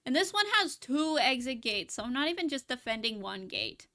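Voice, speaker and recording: A woman's voice: high voice, sing-song, normal speed, bright, forceful tone. A woman VTuber chatting casually while gaming, giggling often and rambling with restarts. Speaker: VTuber streamer. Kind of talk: casual live-stream chat while gaming.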